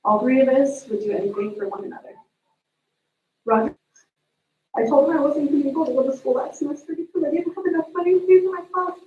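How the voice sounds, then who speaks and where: A woman delivers a eulogy, telling family stories with lively energy. Her voice sits fairly high and is heard from a distance in a roomy, echoing space. The sound is dull, with a faint hum underneath. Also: fast talker. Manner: storytelling, animated retelling of family moments. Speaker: sister giving a eulogy. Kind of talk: memorial eulogy with family anecdotes. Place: memorial service room. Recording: distant echoey room mic, dull sound.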